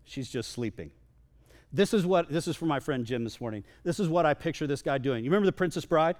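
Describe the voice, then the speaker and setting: A man's voice: on the high side, fast talker. A man preaching a sermon to a congregation, conversational and joking with the crowd. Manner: lively, conversational, jokes with the congregation. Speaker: pastor. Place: church sanctuary. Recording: long reverb of a large hall.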